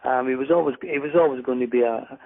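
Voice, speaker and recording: A man's voice: medium pitch, fast. Scottish man on a thin phone line. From Scotland. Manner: self-deprecating, rambling with frequent restarts. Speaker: guest author. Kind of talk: casual interview chat. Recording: phone-like narrow audio.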